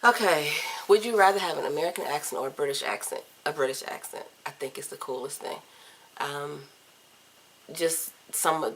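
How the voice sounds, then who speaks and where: A woman in her thirties from Virginia, chatting casually through a list of tag questions on a camcorder, candid and playful, often trailing off softly. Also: extremely low pitch, vocal fry, a little hiss or hum. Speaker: vlogger. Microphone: camcorder mic.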